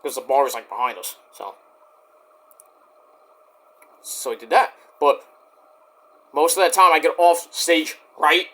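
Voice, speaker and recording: A man's voice: fairly high pitch, lively intonation, unhurried, pauses often, sharp tone. A man in a vlog ranting straight at his critics, defensive and indignant, swearing and rambling with restarts. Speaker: YouTube wrestling reviewer.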